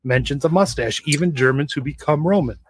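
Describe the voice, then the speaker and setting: A man's voice: fairly high pitch, a little fast, husky, no room sound. A man co-hosting a casual podcast, explaining history details in a wry, nerdy way. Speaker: podcast co-host. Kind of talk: casual review chat.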